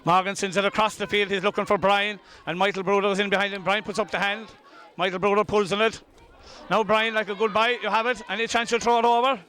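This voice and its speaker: An Irish club commentator calls a hurling final live from an outdoor pitch, openly cheering on his own side. His high, bright, brisk voice is excitable and often breaks into shouts, over faint crowd and outdoor ambience.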